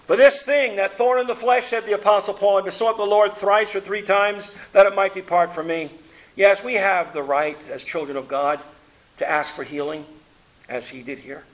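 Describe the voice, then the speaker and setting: A man preaching a sermon, reading scripture aloud and swinging between loud emphatic peaks and quiet low passages. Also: steady tone, moderate pace. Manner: reads scripture aloud in King James wording.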